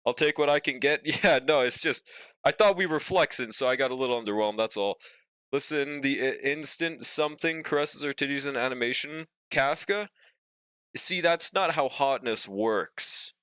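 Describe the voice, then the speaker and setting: A man's voice: medium pitch, lively intonation, normal speed, pushed and bright, clear, resonant tone, no room sound. A young man streaming live, chatting casually with his chat, joking and swearing in a laid-back way.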